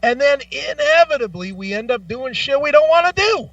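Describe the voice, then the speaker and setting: A man co-hosting a radio talk show, telling stories with lots of profanity in a lively, animated way. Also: very high voice, normal speed, no room sound, far from the mic, highs cut off. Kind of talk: casual chat. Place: radio studio.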